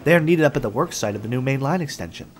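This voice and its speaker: A cheerful, helpful little engine, as a man voices him for a storybook, friendly and brisk, his voice a touch raised and eager. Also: medium pitch, lively intonation, slight background noise, voice pushed up, close to an everyday voice.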